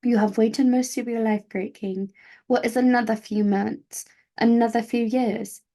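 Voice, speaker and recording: A woman voicing a fat, wealthy merchant in a read-aloud story, giving calm, soothing assurances. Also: a little high, measured pace. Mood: reassuring.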